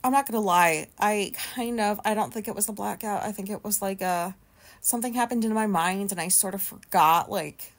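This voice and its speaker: A woman hosting a solo podcast, telling a rambling, profane story in an animated way. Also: mid-range voice, normal speed. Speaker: podcast host.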